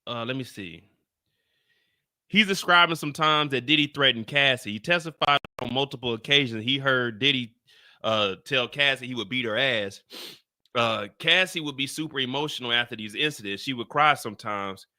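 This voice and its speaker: Bright-voiced man laughing at live news. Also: medium pitch, normal speed. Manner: bursts of laughter, incredulous, casual slang; reads updates aloud plainly. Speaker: streamer reacting to trial news. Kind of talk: live-stream reaction and news reading.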